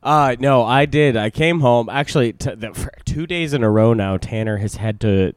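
A young adult man co-hosting a casual comedy podcast, tossing out wry, deadpan quips. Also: mid-range voice, normal speed, clear, resonant tone, dry recording, clean studio sound. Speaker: podcast co-host.

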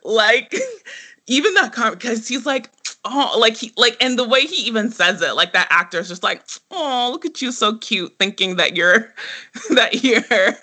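A man co-hosting a casual podcast, his voice fairly high and strikingly bright. He talks in an animated, rambling way, leaning on "like" and breaking into laughter. The sound is close and clean. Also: normal speed. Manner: animated, heavy use of "like", frequent laughter. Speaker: podcast co-host.

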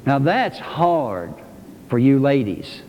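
A man's voice: mid-range voice, sing-song, slow, lo-fi sound, noisy background. A male pastor preaching a sermon to his congregation, emphatic and repetitive. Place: church. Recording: reverberant church hall.

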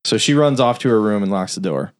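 A man casually recapping a film's plot on a podcast, swearing freely and acting out the characters' lines. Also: on the low side. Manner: loose, profane plot recap with quick voiced-out quotes. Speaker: podcast host recapping a film. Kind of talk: casual film review chat.

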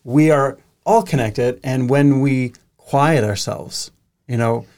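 A man's voice: mid-range voice, takes it slowly, darkish tone. A man hosting a podcast, talking in a casual, earnest and reflective way. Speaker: podcast host. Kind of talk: casual conversation.

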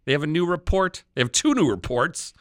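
Man, Wisconsin accent, podcast host, fairly high voice, bright tone, wry chuckles. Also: very animated, fairly quick, no echo, studio quality. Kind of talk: political podcast chat.

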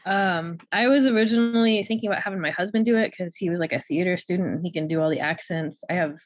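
A woman guest talking about her novels in a bubbly, casual way, dotted with giggles and fillers. Her voice sits a little low and sounds dry and close to the mic. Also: quick pace, no echo. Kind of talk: casual conversational interview.

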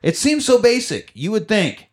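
A man co-hosting a casual film podcast, retelling scenes in an animated, jokey way and swearing often. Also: high-pitched, moderate pace. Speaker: podcast co-host. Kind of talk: casual film recap chat.

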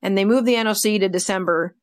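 A woman dog trainer telling stories in a casual podcast chat, animated and full of fillers. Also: medium pitch, quick pace, no echo, studio quality. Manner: chatty, animated, with many fillers like "like" and "you know".

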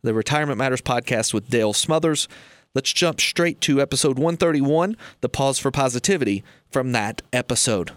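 A man's voice: mid-range voice, lively intonation, moderate pace, dry recording, clean studio sound. A man hosting a podcast, telling a story and reflecting on it in a friendly, casual way. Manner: friendly, reflective, with filler restarts. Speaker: podcast host.

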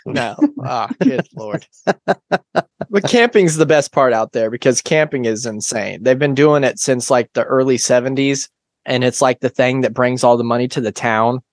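A man's voice: medium pitch, moderate pace, dry recording. A man chatting as a returning guest on a podcast, telling stories with dry, teasing humor. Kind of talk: casual podcast chat.

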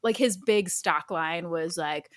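A woman stand-up comedian telling an animated anecdote in casual chat, with lots of "like". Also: fairly low pitch, no room sound. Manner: animated, quick bursts, lots of "like".

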